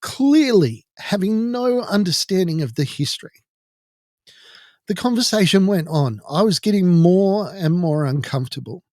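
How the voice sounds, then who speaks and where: A man's voice: high-pitched, animated, moderate pace, a little mellow, no room sound, studio quality. A man from Ireland with an Irish accent, telling a personal story in an indignant, heated way as a podcast host. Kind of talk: personal monologue.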